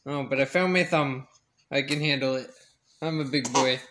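A baby boy's pretend inner voice, put on by a man, low and hushed. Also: normal speed, a little hiss or hum, lightly acted. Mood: mock-brave. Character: fussy baby boy acting brave. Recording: loud baby crying behind.

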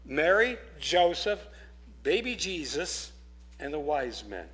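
A man's voice: on the high side, sing-song, takes it slowly, a bit bright, exaggerated voice. A man voicing a polite young widow who earnestly asks for a favor, reading a story aloud. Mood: earnest pleading.

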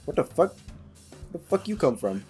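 A young man comments casually on a game he is playing, unhurried and chatty. His pitch swings widely, jumping into shouts and swearing whenever something startles him. Faint game music plays behind him. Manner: excitable, swearing, yelling in sudden scares. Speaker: gaming YouTuber.

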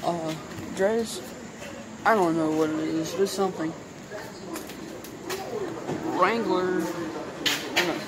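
A man's voice: sits high, takes it slowly, long pauses. Rambling young guy vlogging, noisy recording. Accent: light Southern US. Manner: rambling, lots of "like" fillers. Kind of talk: casual vlog chat. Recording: noisy home video.

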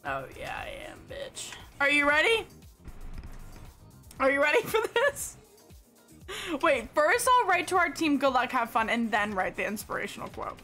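A bubbly young woman streamer with a very high, lively voice that swoops up and down. She giggles and chats to her viewers and breaks into excited shouts, with game music playing behind her. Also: normal speed, pauses often. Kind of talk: live gaming stream chat.

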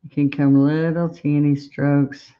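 A woman chatting warmly with viewers while she demonstrates painting in a live-streamed lesson. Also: low-pitched, flat delivery, unhurried, highs cut off. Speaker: painting instructor.

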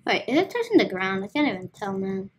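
A woman's voice: mid-range voice, big pitch swings, brisk, a little hiss or hum. A woman giving casual, playful commentary as she plays a video game, talking to herself as she goes. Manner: chatty, playful, talks to herself while playing. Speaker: gaming video host.

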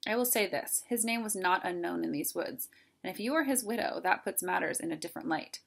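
Storybook owl: old, wise, formal, gravelly and husky, read by a woman. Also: fairly low pitch, expressive, a bit bright, full character voice. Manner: measured, formal and precise.

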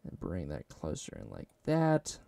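Gravelly man rambling as he sculpts. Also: extremely low pitch, huge pitch swings, a little slow, dark tone, no echo. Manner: rambling, jokey, talks to himself. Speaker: 3D sculpting video creator. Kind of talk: casual self-talk while working.

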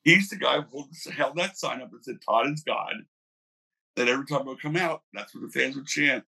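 Gravelly older man telling stories. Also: medium pitch, quick pace. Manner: animated storyteller, acts out quoted voices. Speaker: interview guest, former wrestling promoter. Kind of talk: casual storytelling interview.

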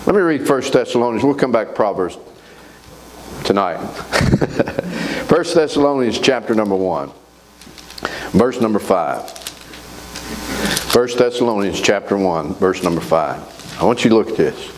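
Folksy preacher, animated, call-and-response. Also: male voice, on the low side, measured pace, pauses often, slight background noise, rough recording. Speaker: pastor. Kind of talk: sermon. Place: church sanctuary.

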